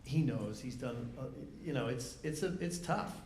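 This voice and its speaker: A man, a film director as guest, talking in an onstage festival discussion, halting with many restarts and frequent laughs. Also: medium pitch, expressive, a little mellow. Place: festival event venue. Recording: echoey room, faint noise.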